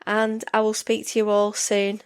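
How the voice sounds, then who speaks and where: A woman's voice: medium pitch, monotone, moderate pace, smooth. A woman in her forties, hosting a casual solo podcast, chatting in a rambling way with many restarts, sleepy and yawning. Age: 40s. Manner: rambling, chatty, frequent restarts and "yeah" fillers. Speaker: podcast host.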